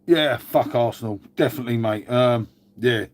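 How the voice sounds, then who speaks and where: A man's voice: medium pitch, normal speed. A man hosting a casual live chat to viewers, glum and sweary, calling everyone mate. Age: older. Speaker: channel host.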